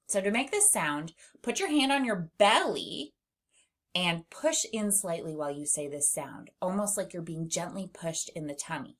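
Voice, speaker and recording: A woman teaching a children's phonics lesson, upbeat and clear, modelling each sound slowly. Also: fairly low pitch, a bit bright.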